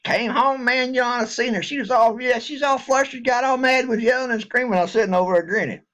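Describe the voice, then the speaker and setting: A middle-aged man with a drawl and a fairly high voice. He talks in a folksy, rambling, joking way, addressing his viewers directly in casual chat. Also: fast talker, a bit bright. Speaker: vlogger. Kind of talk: casual direct-to-camera talk.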